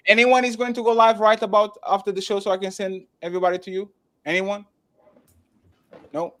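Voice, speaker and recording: A man's voice: high-pitched, level tone, brisk, very noisy. A man hosting a live-streamed talk show, chatting loosely, stumbling over restarts and thanking viewers by name. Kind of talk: casual live-stream chat.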